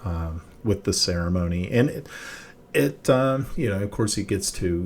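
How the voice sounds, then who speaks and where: A man narrating a tabletop game as game master, halting with many fillers and restarts. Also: low-pitched, a little hiss or hum.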